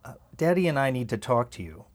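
A man's voice: medium pitch, big pitch swings, quick pace, pitched above the performer's own voice. A man reading the part of a worried, anxious mother who pleads and repeats herself. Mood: gentle. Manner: pleading, insistent repetition. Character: worried anxious mother, middle-aged woman.

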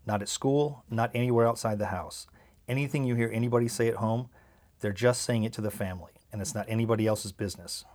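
A man's voice: on the low side, fast talker, a little mellow, natural voice. A man reading the part of a nervous, fidgety father who speaks hesitantly. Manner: hesitant, then bursting out.

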